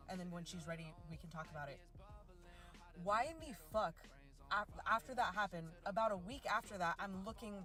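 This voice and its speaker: A woman's voice: medium pitch, bright, forceful tone. A woman telling a personal story in a casual, chatty way, full of "like" fillers.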